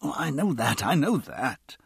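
A man voicing an anxious, embarrassed Victorian gentleman in an audiobook, with a halting, pleading manner. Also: animated, breathy edge, no echo, clean studio sound, full character voice. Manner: halting, pleading, raised pitch.

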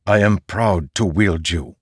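A grim, disciplined swordsman of few words, as a man voices him in an audiobook, speaking low, quiet and solemn. The voice is deep and dry, close to the narrator's own. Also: a little slow, breathy edge, dry recording. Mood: grave. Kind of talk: audiobook character voice.

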